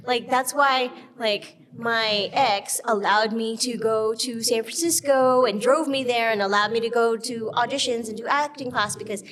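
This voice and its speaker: A woman's voice: a little high, normal speed, hardly any pauses, a crowd in the background. A woman guest in an interview, chatting casually and animatedly, laughing often and filling her talk with "like" and "um". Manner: animated, laughing, lots of fillers like "like" and "um". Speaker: guest, actress and filmmaker.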